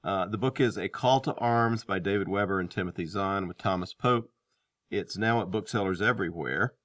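A man interviewing, friendly and halting, with many fillers. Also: deep voice, a bit bright, no room sound, clean studio sound.

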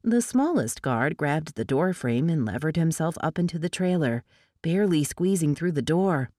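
A woman with a low voice reads a novel aloud at a steady, measured pace. The recording is dry and close, with no room sound. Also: no echo. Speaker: audiobook narrator. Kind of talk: scripted narration of a novel.

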